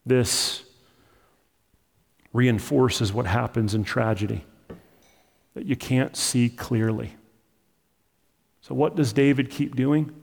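A man's voice: medium pitch, gravelly, darkish tone, big-room sound. A man preaching a sermon as pastor, in a conversational, emphatic style that acts out the story.

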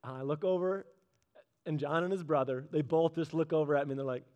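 Man, high-pitched voice, sermon, conversational, questions to the congregation, slows on key phrases. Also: fairly even intonation, darkish tone, highs cut off. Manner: asks the audience questions. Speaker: preacher.

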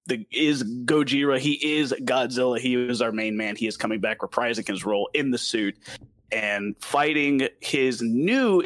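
A man with a Southern US accent talking through a film in a casual review chat, lively and quick to laugh. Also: medium pitch, no room sound. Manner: animated, laughs often, stumbles over names.

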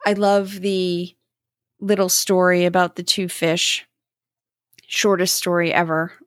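A middle-aged woman hosting a podcast, speaking in a slow, gentle and contemplative way about spiritual growth. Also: fairly low pitch, flat delivery, dry recording, clean studio sound. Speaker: podcast host. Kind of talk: reflective spiritual talk.

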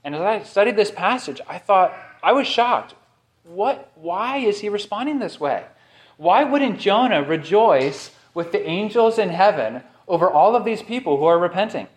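A man's voice: high voice, animated, moderate pace. A man preaching a sermon as pastor, emphatic and fond of repeating key phrases for effect.

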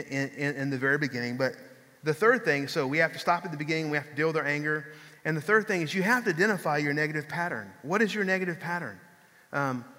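A man in his fifties, a pastor preaching a conversational sermon, telling stories and acting out quotes. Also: fairly high pitch. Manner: conversational storytelling, animated, acts out quotes. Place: church. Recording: long reverb of a large hall.

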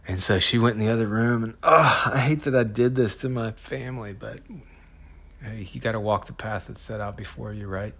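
A man with a very low, gravelly voice shares a personal story in a casual, earnest way. He talks haltingly and often restarts his sentences. His tone stays slightly husky throughout. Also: a bit bright.

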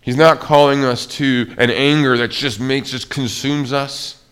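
A man's voice: mid-range voice, fairly even intonation, unhurried, a bit bright, clean tone. A male pastor preaching a sermon in a conversational way, often restarting his sentences. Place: church.

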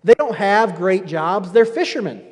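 A man preaching a sermon, emphatic and full of rhetorical questions, often dropping low at the ends of phrases. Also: measured pace. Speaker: pastor. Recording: long hall reverb.

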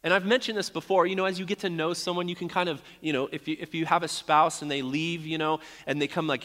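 A man delivering a sermon in a loose, conversational manner, telling stories with plenty of fillers. His voice is bright and forceful. The sound carries a long reverb from the hall. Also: on the high side, steady tone, fast, hardly any pauses. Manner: conversational, storytelling, many fillers. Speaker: preacher.

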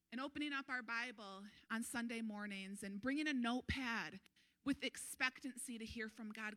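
A woman pastor preaching a sermon, earnest and animated, urging her congregation on. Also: moderate pace. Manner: animated, acts out crowd voices with sudden high pitch.

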